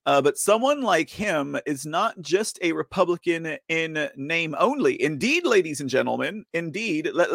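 A man's voice: a little high, vocal fry, fairly bright tone, no room sound. A man hosting a political talk show, theatrical and repetitive, rallying his audience. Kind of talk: casual political commentary.

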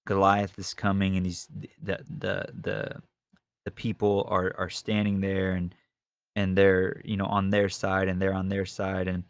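A man's voice: sits low, monotone, a little slow, clean tone, no room sound. A man teaching the Bible informally, earnest and rambling, with many restarts and asides. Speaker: Bible study podcast host.

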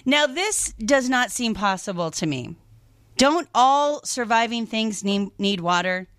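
Radio host lady, bright sharp voice, dry close studio sound, chatty and grossed out a lot. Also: fairly high pitch, a little slow, no room sound. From lived in New York. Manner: chatty, animated, exclaims in disgust. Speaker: radio shopping show host. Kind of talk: casual radio chat.

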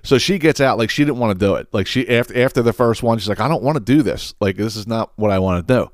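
A man hosting his own podcast, telling a story in a casual, profane and animated way, acting out the quotes. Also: fairly low pitch, fast talker, dry recording, studio quality. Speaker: podcast host.

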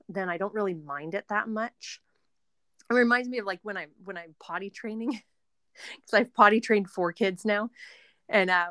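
A woman's voice: mid-range voice, a bit bright, no room sound, clean studio sound. A young woman, a homeschooling mother, chatting in an interview with a rambling, filler-heavy way of talking. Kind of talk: casual interview chat.

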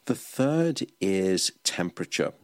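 A man, a sleep expert, giving calm, instructive advice. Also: low-pitched, takes it slowly, no room sound, studio quality. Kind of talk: explanatory advice talk.

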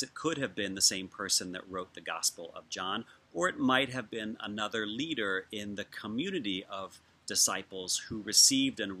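A man, a pastor giving a sermon and reading scripture slowly and gently. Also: on the low side. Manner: gentle, unhurried, reads scripture slowly and softly.

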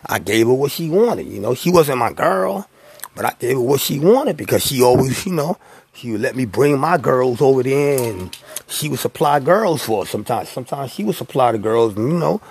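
Streetwise male rapper telling a story, gravelly and husky, dry close sound, slangy and profane. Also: medium pitch, sing-song, moderate pace, a little mellow, no echo. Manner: acts out quoted voices. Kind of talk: casual anecdotal storytelling.

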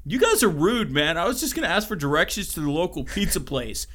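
A man's voice: fairly high pitch, very animated, quick pace, bright, forceful tone, full character voice. A man voicing a laid-back male Mothman creature with a Californian accent, drawling and whiny.

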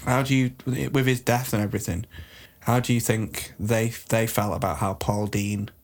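A man doing a deadpan, mock-serious comedy chat, often hesitant and trailing off. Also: fairly low pitch, normal speed.

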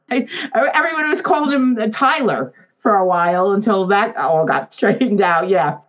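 A woman looks back on her years as a lighting designer for a band in a relaxed interview. She talks in a chatty storytelling way at a middle pitch, laughs often, and acts out what people said. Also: poor audio. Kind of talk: reminiscing interview talk.

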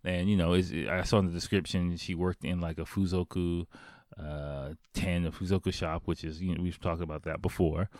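A man's voice: deep voice, level tone, a little fast, a little mellow, dry recording, clean studio sound. A young man casually recapping a movie he watched, rambling with lots of fillers, restarts and swearing.

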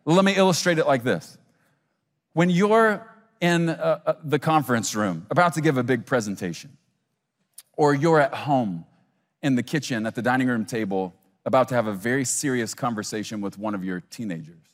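A man's voice: medium pitch, lively intonation, normal speed, in a large hall. A man preaching a sermon as a pastor, acting out imagined listeners and little scenes as he goes.

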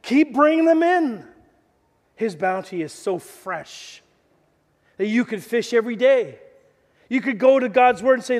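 A middle-aged man preaching a sermon as pastor, telling stories in an animated way and acting out the quotes. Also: extremely high pitch, unhurried, pauses often, big-room sound. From Canada. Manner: animated storytelling, acts out quotes. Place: church service.

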